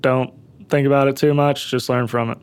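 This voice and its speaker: Plain-spoken young man, very smooth voice. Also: medium pitch, flat delivery, normal speed. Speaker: intern.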